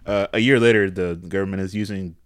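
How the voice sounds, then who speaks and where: Man, casual movie review chat, dry plot recap, lowish voice. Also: steady tone, fast, clean tone. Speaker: podcast co-host.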